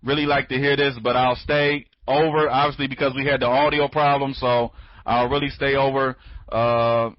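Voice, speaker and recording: A man's voice: mid-range voice, no echo. Sleepy, rambling man on lo-fi audio. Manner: rambling, repeats himself, many restarts; talks fast when excited. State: sleepy, tired. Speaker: online training conference host. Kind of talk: casual live webinar talk. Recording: dry, dull lo-fi audio.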